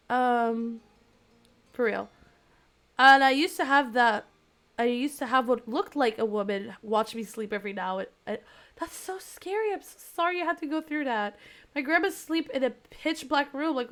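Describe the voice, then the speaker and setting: A young woman streaming live, talking loosely with her chat in a somewhat high voice. She giggles often and rambles, restarting her sentences with plenty of ums and likes. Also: fairly bright tone. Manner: chatty, giggly, with frequent fillers and restarts. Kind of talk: casual live-stream chat reading viewer messages.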